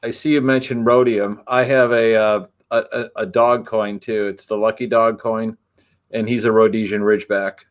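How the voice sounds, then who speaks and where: A man's voice: fairly low pitch, flat delivery, normal speed. A man appearing as a podcast guest, chatting casually and tossing in dry jokes. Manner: dry joking asides. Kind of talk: casual chat.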